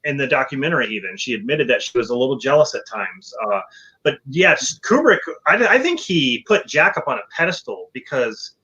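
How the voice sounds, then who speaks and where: A man's voice: medium pitch, fairly quick. A man co-hosting a casual movie podcast, telling behind-the-scenes stories and acting out the quotes. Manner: animated storyteller, acts out quotes. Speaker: podcast co-host. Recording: dull lo-fi sound.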